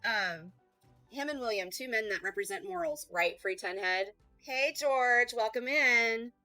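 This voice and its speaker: A woman hosting a reaction livestream, firing back with combative, sarcastic and profane retorts. Her voice is bright and a touch high. It sounds dry and close, with faint music underneath. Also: expressive, a little slow, no room sound, low-quality recording. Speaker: reaction streamer. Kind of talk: heated reaction commentary.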